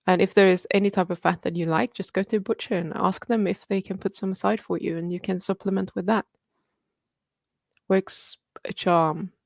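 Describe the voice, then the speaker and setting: A woman's voice: on the low side, vocal fry, darkish tone, dry recording, clean studio sound. A woman in her thirties hosting a casual live Q&A, chatty and upbeat, laughing often and swearing casually. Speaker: livestream host answering viewer questions.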